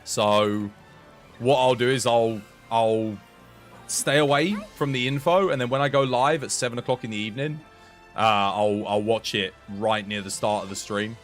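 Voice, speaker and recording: A man's voice: medium pitch, steady tone, normal speed, faint music behind. A man from the United Kingdom with a British English accent, a game streamer talking casually and sarcastically in a joking, rambling way. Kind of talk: casual live-stream chat.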